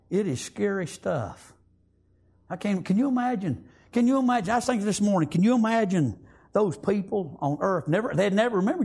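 A man preaching a fervent sermon, calling out to the congregation and swinging between loud and hushed. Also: sits high, vocal fry, husky.

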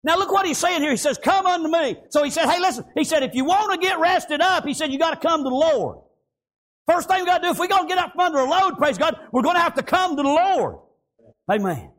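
A man preaching a fervent sermon, constantly breaking in with "amen" and "praise God" and rising into shouts. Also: very high-pitched.

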